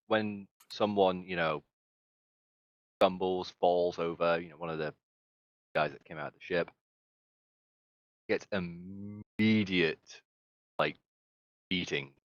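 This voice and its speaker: A man narrating as game master of a tabletop game, halting and hesitant as he describes scenes. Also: low voice, steady tone, dry recording, muffled recording.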